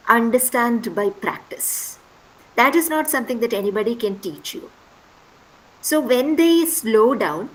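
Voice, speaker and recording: A woman instructor with a high-pitched voice teaches an online workshop over a video call, patiently repeating key points and checking in with "right?" The recording quality is low.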